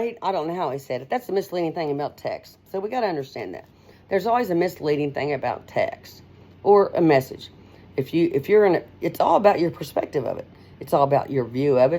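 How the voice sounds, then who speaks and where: This middle-aged woman's voice is on the low side and a little mellow. As host of a casual, unscripted monologue, she's blunt and rambling, calls listeners "man" and "honey," and talks into her device's mic without a headset.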